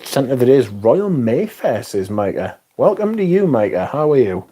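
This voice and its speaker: A man hosting a casual livestream, chatting and answering viewers in an animated, exclamatory way and swearing freely. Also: medium pitch, normal speed, breathy edge. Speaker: livestream host. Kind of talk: casual livestream chat, reading viewer comments.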